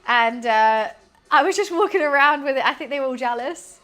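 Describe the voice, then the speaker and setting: A woman's voice: high voice, expressive, a little fast, pushed and bright. A young woman streaming from her home kitchen, chatting casually as she cooks. She giggles often and keeps losing her train of thought. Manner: chatty, giggly, easily distracted. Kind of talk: casual live-stream cooking chat.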